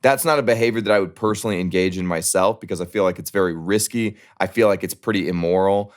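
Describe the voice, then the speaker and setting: A man arguing emphatically in a heated casual debate, profane and animated, jumping up in pitch to mimic others. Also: fast talker. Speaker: guest.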